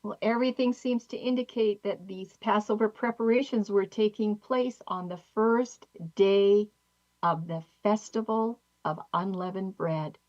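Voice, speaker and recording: A woman narrating a Bible study lesson, reading verses and posing questions in a measured way. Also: mid-range voice, darkish tone. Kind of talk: scripted teaching narration. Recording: slightly dull lo-fi audio.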